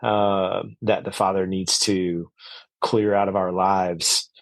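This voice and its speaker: A man's voice: low voice, little pitch movement, takes it slowly, no room sound. A man speaking as a podcast guest, earnest and reflective, with frequent fillers and restarts. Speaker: podcast guest, orchard owner. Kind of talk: conversational interview.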